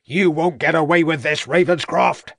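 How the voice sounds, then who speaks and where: A man's voice: low voice, expressive, brisk, no room sound, pitched below the performer's own voice, heavily acted. A man voicing a snarling, hostile farmer. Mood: shouting. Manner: snarling, shouting threats. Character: surly menacing male farmer, hostile.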